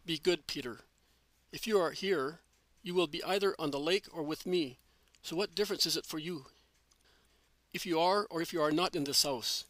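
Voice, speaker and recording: A man voicing a calm, patient male spiritual teacher who speaks with gentle authority. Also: fairly high pitch, normal speed, pauses often, no room sound, lightly acted, low-quality recording.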